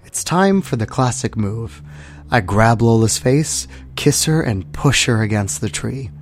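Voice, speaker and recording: A man narrating a first-person audio story in a lively, dry and amused way. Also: medium pitch, unhurried.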